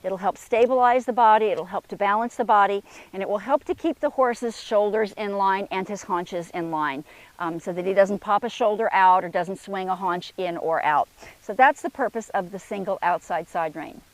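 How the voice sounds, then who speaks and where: A woman's voice: mid-range voice, moderate pace, dry recording, rough recording. Woman trainer calling commands to a horse. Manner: calls out commands to a horse between explanations. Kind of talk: outdoor instructional demonstration. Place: outdoor arena.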